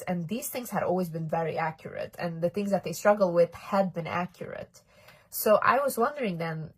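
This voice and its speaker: Candid, low-voiced woman telling a story. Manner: candid, animated retelling with swearing. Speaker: vlogger. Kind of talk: storytelling to camera.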